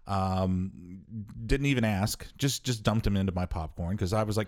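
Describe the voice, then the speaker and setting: A man in his forties co-hosting a casual podcast chat, telling stories and acting out quoted lines with big leaps in his voice. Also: normal speed. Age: 40s. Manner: animated storyteller, acts out quotes with big pitch jumps. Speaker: podcast co-host.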